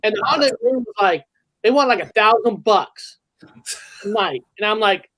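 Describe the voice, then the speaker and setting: A man's voice: very high-pitched, expressive, moderate pace, a bit bright. A man talking casually and frankly in a podcast chat about family trips.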